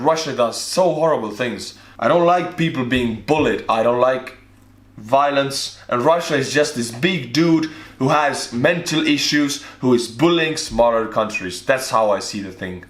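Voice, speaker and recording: Estonian guy doing reaction commentary, blunt, jokes around, bit of room echo. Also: medium pitch. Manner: animated, blunt, joking, with sudden shouts. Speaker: reaction video host.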